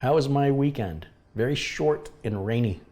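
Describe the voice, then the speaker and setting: A middle-aged U.S. tech channel host speaks expressively at a moderate pace, his medium-pitched voice warm in tone. On his live review stream he talks with viewers, welcomes them by name, and adds wry remarks.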